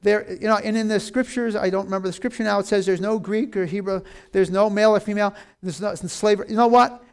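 A man's voice: high-pitched, fairly even intonation, fast talker, clear, resonant tone. A man in his sixties giving a casual, folksy sermon, joking, laughing and acting out little voices as he goes. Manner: folksy, jokey, acts out voices, laughs often. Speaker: preacher.

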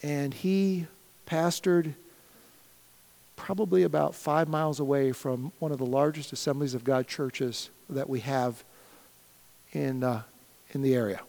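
A middle-aged man preaching a sermon as pastor of his church, swinging from loud shouted appeals down to soft, quiet prayer. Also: mid-range voice, unhurried, vocal fry, long pauses. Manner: builds to loud shouted pleas, then drops to soft prayer. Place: church sanctuary. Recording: long hall reverb.

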